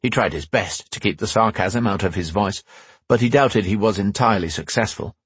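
A man's voice: on the low side, normal speed, husky, no echo. A man narrating a novel as an audiobook, telling the story expressively into a close mic. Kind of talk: scripted narration.

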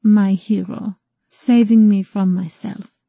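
A woman's voice: mid-range voice, steady tone, takes it slowly, gravelly, mellow, no echo. Woman voicing Julie, an airy eccentric lady. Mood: teasing.

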